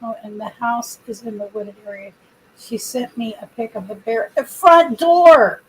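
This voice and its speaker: This livestream host speaks at a medium pitch and normal speed with a flat, slightly mellow, husky delivery. She chats and tells rambling stories to her viewers in a casual way. With no external microphone, the computer's built-in mic gives a rough recording.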